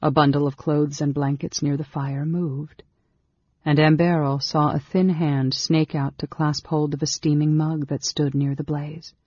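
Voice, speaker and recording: An audiobook narrator reading a fantasy story in a steady, measured way. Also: mid-range voice, husky, no echo, highs cut off. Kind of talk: scripted narration.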